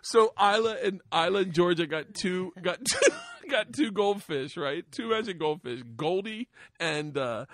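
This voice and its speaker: Man, podcast host, casual profane chat, bright tone, dry close sound. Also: sits high, measured pace, hardly any pauses, dry recording. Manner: animated, profane storyteller.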